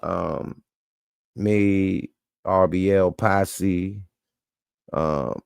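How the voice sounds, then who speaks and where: A man's voice: low-pitched, steady tone, very slow, gravelly, a little mellow, clean tone, dry recording, studio quality. A man hosting a casual livestream chat, talking in loose, profane, laughing banter. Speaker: livestream show host.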